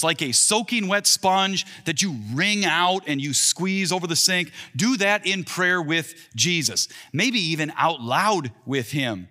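Man, thirties, pastor, earnest sermon, bright forceful voice, long reverb. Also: on the high side, expressive, a little slow. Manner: earnest, rising for acted-out quotes. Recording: long reverb in a large hall.

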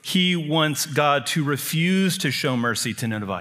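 A male preacher delivers a sermon in a voice pitched a little above most men. He talks emphatically and stacks repeated phrases to drive each point home. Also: lively intonation, normal speed, few pauses, fairly bright tone.

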